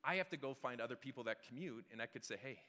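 Middle-aged male pastor, chatty and joking sermon, bright tone, long hall reverb. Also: mid-range voice, expressive, fast. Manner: conversational, joking, asks the congregation questions. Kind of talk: casual sermon. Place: church hall.

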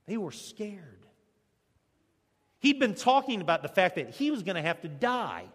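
A male pastor preaching a sermon, swinging between loud, emphatic lines and hushed ones. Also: sits high, big pitch swings, measured pace, breathy edge. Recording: long church reverb.

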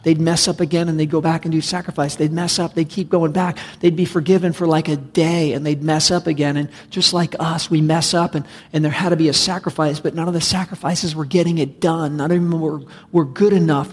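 A man's voice: a little high, fairly even intonation, a little fast, few pauses. A man preaching a sermon as a pastor, conversational and emphatic, often repeating his points. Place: church sanctuary. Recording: long hall reverb.

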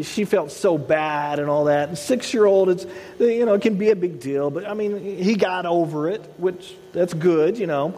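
A man in his thirties preaching a sermon, telling lively stories and acting out the voices of the people in them. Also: high-pitched, in a large hall, rough recording. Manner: animated storytelling, acts out voices of his son. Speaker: pastor.

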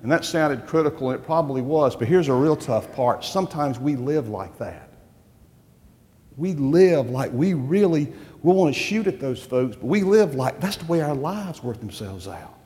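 A male pastor delivers an emphatic sermon, pressing his listeners with rhetorical questions. His voice sits a little high for a man. The sound carries a long reverb from a church hall. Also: animated, moderate pace, dark tone.

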